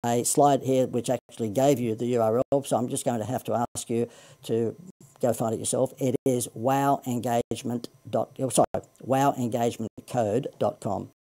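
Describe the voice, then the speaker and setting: An Australian man giving a chatty, self-deprecating sales pitch on a livestream as a marketing coach. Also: fairly even intonation, moderate pace, mellow.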